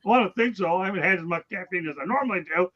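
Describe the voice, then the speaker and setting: Loud high-energy male sports show host. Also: rapid-fire. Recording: dull lo-fi sound.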